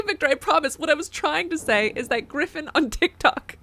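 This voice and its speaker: A woman's voice: high-pitched, lively intonation, fairly quick, bright, forceful tone. A young woman streaming a game, chatting casually, giggling, reading donations aloud and yelping when startled. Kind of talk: casual live gameplay commentary.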